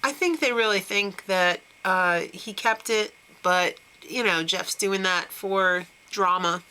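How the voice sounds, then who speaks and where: A woman's voice: medium pitch, takes it slowly, sharp tone, smooth, rough recording. A woman hosting a casual reality-TV recap, talking in a gossipy, snarky way and giggling often. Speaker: show recap host.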